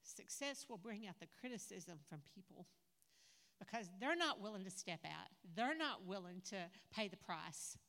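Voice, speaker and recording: An older woman preaching a sermon at a conference in a church hall, lively and humorous, talking straight to the audience. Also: mid-range voice, moderate pace, gravelly. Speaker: conference speaker. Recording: echoey hall.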